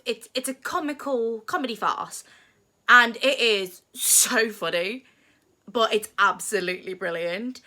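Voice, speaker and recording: A young woman drama student chats to her camera in a playful, self-mocking way. Her voice is bright and sits a little high, and it swings up and down a lot as she talks. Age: young adult. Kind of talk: casual chat to camera.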